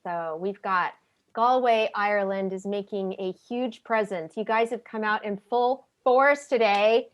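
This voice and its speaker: A woman's voice: mid-range voice, unhurried, muffled recording. An American woman hosting an interactive online leadership webinar, friendly and chatty with many ums. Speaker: webinar host and leadership trainer. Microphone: video call.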